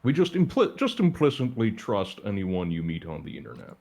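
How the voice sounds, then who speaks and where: A man's voice: fairly low pitch, huge pitch swings, brisk, creaky, a little mellow. A man chatting casually on a gaming stream, cracking dry, teasing jokes.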